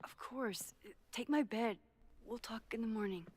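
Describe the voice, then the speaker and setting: An actress playing a thoughtful, bewildered young woman in a video game, speaking softly and with wonder. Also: a little high, unhurried, close to an everyday voice. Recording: game audio with long reverb and music. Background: game music.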